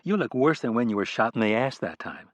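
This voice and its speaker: A man narrating an audiobook voices a blunt, sharp-tongued wife who teases her husband with wry remarks. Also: mid-range voice, animated, brisk, dry recording, natural voice.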